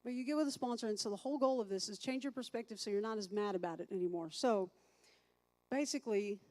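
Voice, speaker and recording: A woman's voice: medium pitch, fast, darkish tone. A woman teaching a recovery class as a sponsor, chatty, thinking aloud and asking the group questions.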